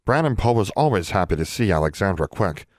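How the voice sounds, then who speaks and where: A small timid house elf with a creaky, low voice and clumsy grammar, as a male narrator puts him on. He sounds mournful and worried, close and dry. The storybook delivery keeps him soft-edged and sorrowful. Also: very animated, fairly quick, no room sound. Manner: simple ungrammatical speech, mournful.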